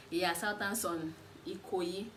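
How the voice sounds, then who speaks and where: Animated young Nigerian woman telling stories. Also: medium pitch, slow pace. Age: 20s. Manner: animated, acts out the other people in her stories. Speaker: vlogger. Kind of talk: casual storytelling vlog. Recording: echoey room, faint background noise.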